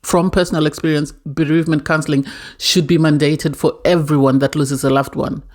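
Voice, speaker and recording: A woman's voice: low voice, fairly even intonation, fairly quick, darkish tone. A woman reviewing a reality TV episode in a casual, emotional way, often repeating herself as she talks. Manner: emotional, earnest, repeats words.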